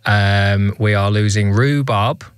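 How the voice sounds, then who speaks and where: A man's voice: fairly low pitch, slow, clean tone, no room sound. Radio host, northern English man, self-mocking humour, dry studio sound. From northern England. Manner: jokey, self-mocking, reads news items aloud. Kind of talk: casual radio chat. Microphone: studio mic.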